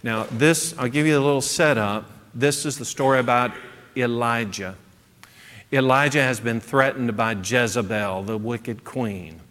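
A man's voice: mid-range voice, measured pace, fairly bright tone. A man teaching a midweek Bible class, conversational, chuckling and asking the class questions, in a church classroom. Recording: echoey hall.

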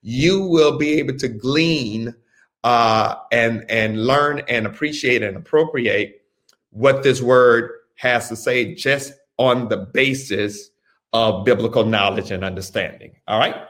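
A male pastor leads a Bible study at an unhurried pace. His pitch sits in an ordinary middle range. He talks deliberately, repeats key phrases and gives careful instructions. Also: a bit bright.

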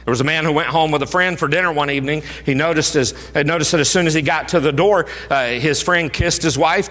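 A male pastor preaching a sermon, emphatic, swinging from raised urging to hushed low tones. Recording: reverberant hall.

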